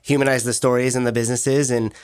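A man's voice: mid-range voice, level tone, fast talker, darkish tone, smooth, no echo. A man hosting a podcast, upbeat and jokey in casual conversation. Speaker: podcast host.

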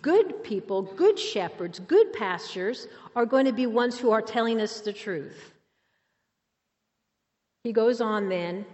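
A woman's voice: mid-range voice, darkish tone. Woman teaching a Bible lesson, echoing hall. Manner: emphatic, asks the listeners questions. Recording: dull, hall reverb.

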